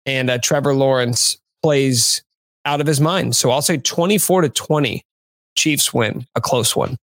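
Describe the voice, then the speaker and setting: A man's voice: mid-range voice, measured pace, fairly bright tone, no room sound. Wry man talking sports, dry sound. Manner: wry, sarcastic. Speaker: sports podcast host. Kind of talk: casual sports chat.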